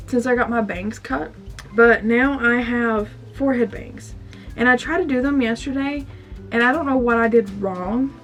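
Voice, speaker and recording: A young woman in her twenties talking casually to camera in a personal vlog, confiding and emotional. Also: a little high. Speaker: vlogger. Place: store aisle, indoors. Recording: faint background music.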